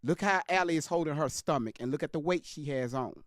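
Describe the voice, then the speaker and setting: A man's voice: a little high, a little fast, dry recording, studio quality. A man hosting a live stream, commenting on a clip with emphatic, repetitive direct address to his viewers.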